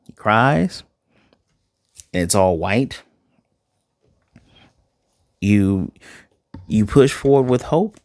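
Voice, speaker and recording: A man's voice: on the low side, a little mellow, dry recording, studio quality. A man from Chicago giving an enthusiastic, casual spoken review of a TV episode, often repeating himself. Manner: enthusiastic, conversational, repeats phrases. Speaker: TV show reviewer.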